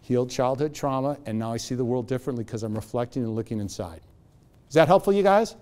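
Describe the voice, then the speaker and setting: A man's voice: medium pitch, fast talker. A middle-aged man giving a motivational talk, telling stories and acting out the voices of the people in them. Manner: animated storyteller acting out voices. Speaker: motivational speaker. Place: event hall.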